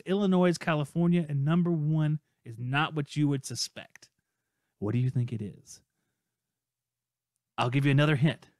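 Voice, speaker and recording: A podcast host runs a live call-in show, reading listener messages in a chatty, playful way during casual live-stream chat. His voice sits a little high for a man, and the sound is close and dry without room echo.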